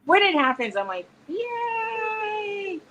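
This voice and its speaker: Woman co-host, fairly high voice, chatty and quick to laugh, faint background hiss. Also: expressive, bright, forceful tone, low-quality recording. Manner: chatty, laughs easily, plays with pronunciations. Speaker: live show co-host. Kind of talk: casual chat between friends.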